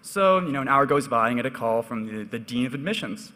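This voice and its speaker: A young man on a conference panel, telling a relaxed, self-deprecating story to the audience. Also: medium pitch, fast. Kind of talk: anecdotal storytelling on stage. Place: conference hall stage. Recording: echoey hall.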